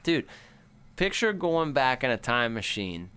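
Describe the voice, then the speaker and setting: A man co-hosting a casual horror podcast, laughing often and mimicking movie lines in an animated voice. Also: medium pitch, a little slow, clear, resonant tone. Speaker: podcast co-host. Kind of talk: casual chat.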